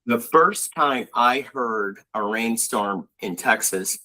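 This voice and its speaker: Over poor audio, a Buffalo, New York co-host speaks slowly in a mid-range voice, rambling through animated stories in a casual chat with frequent fillers.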